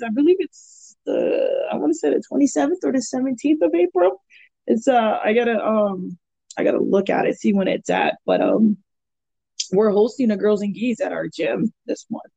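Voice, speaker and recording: Gravelly, mellow-voiced woman telling stories. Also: on the high side, moderate pace, no echo, muffled recording. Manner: rambling storyteller who laughs often. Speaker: guest. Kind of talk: casual chat.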